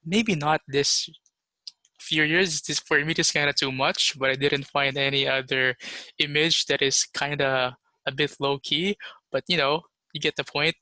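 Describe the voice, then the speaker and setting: A man's voice: fairly high pitch, steady tone, unhurried, sharp tone, dry recording, low-quality recording. A man hosting a casual online dharma lesson, chatting with his listeners and often checking in with them. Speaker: dharma talk host.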